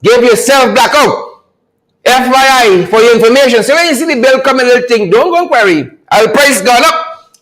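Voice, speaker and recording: High-pitched mocking man. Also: brisk, poor audio. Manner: mocking, repetitive, animated. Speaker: livestream host. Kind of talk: political commentary livestream.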